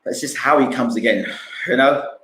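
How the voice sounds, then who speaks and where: A man's voice: mid-range voice, a little fast, fairly bright tone, reverberant, poor audio. A man giving casual boxing fight analysis, repeating himself and acting out punches with sound words. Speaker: boxing pundit streamer.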